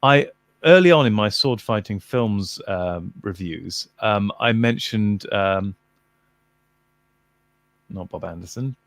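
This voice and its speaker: A man chatting casually as a video creator, pausing often with ums as he recalls details. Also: lowish voice, no room sound. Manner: hesitant, many ums. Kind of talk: casual chat.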